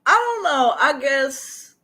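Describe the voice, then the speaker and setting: A woman's voice: sits high, very animated, slow, sharp tone. A woman hosting a casual livestream who talks to her chat, reads the comments aloud and laughs often. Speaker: livestream host.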